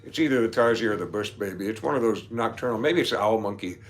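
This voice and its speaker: A fairly low-voiced man hosts a casual livestream, talking fast and with lots of energy as he reads out viewer comments. He laughs a lot and keeps drifting into nerdy tangents.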